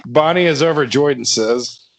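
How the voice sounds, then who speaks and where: A man's voice: mid-range voice, moderate pace, vocal fry. A man narrating a comedy horror podcast script, often laughing and stumbling over his lines.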